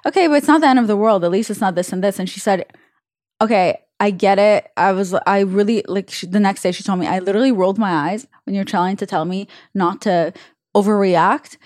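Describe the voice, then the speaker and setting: A woman's voice: mid-range voice, fairly even intonation, brisk, darkish tone, dry recording, studio quality. A woman hosting a casual chat show, giving frank advice and acting out dialogue from her own stories. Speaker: podcast host.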